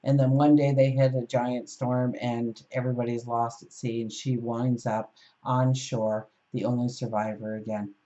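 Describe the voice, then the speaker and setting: A woman leads a tarot reading and tells a parable to her listeners. Her delivery is gentle and encouraging. Her voice is warm and mellow, and the recording sounds muffled and lo-fi. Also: extremely low pitch, level tone, moderate pace, few pauses. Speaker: tarot reader. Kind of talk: spoken tarot reading with storytelling.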